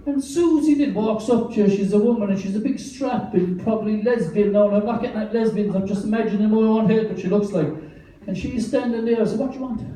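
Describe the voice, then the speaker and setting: An Irish man in his thirties does stand-up at a small bar's open mic. His voice is dark and mellow and sits a little high. He rambles through deadpan stories, heard from a distance in a very roomy space. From Ireland. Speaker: stand-up comedian. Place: small wine bar open mic night. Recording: roomy, distant bar recording.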